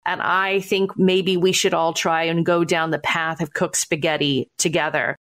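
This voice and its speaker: A woman with a lower voice co-hosts a parenting podcast and talks as a parent. She thinks aloud, reaching for playful images to explain her ideas. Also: level tone, normal speed, fairly bright tone. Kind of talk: casual podcast chat.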